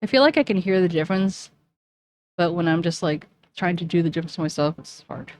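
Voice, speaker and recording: A woman's voice: fairly low pitch, expressive, fairly quick, darkish tone, dry recording. Chatty woman streamer, self-deprecating. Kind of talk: casual game stream chat.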